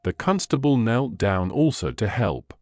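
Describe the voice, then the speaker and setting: Slow, expressive male audiobook narrator. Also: fairly low pitch, no echo, studio quality. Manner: measured, expressive reading. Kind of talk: scripted narration of a classic story.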